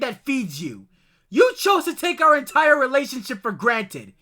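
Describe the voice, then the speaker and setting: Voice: medium pitch, sing-song, moderate pace, pushed and bright. Furious, cursing call-out rant. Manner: furious, profane, ranting and cursing. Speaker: video creator addressing an ex-partner. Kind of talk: angry call-out monologue over screenshots.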